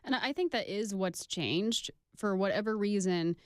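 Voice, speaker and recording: A woman's voice: medium pitch, moderate pace, a little mellow, clean tone, dry recording, studio quality. A woman talking on a radio show, earnest and reasoning aloud with plenty of "like". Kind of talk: casual radio talk.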